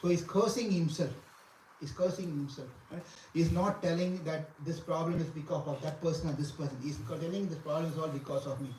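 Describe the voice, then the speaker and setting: A man leads a devotional scripture class, chanting verses and explaining each one. His voice sits a little high and he often repeats lines and questions his listeners. He is recorded from a distance in an echoing hall with a faint background hiss. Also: fairly even intonation, a little fast, darkish tone. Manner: chants Sanskrit verses, then explains with repetition and questions to the audience. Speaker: scripture teacher. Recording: echoey room, from far off.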